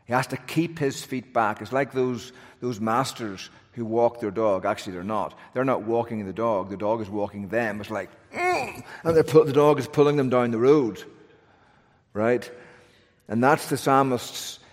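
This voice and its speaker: A man's voice: medium pitch, normal speed. A man preaching a sermon in an earnest, emphatic way, with restarts and asides. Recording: long hall reverb.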